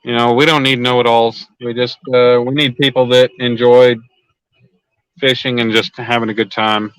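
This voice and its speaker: Blunt, laid-back man with a smooth voice. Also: mid-range voice, flat delivery, moderate pace, a bit bright, no room sound, rough recording. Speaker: fishing live-streamer. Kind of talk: casual live-stream chat. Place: in a vehicle, driving. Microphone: handheld phone.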